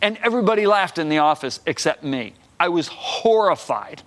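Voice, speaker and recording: On a television talk show, a man in his sixties, appearing as a guest minister, tells the story of his faith with gusto, voicing the characters he quotes. He speaks at normal speed in a fairly high, expressive, slightly bright voice.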